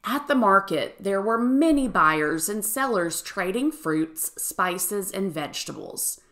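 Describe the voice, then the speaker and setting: A woman teacher reading a children's picture book aloud in an expressive storytelling manner. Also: medium pitch, slow pace. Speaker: third grade teacher.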